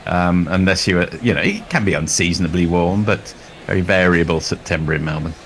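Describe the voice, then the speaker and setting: A man's voice: sits low, brisk, fairly bright tone. A man offering casual, musing cricket commentary and chatty asides.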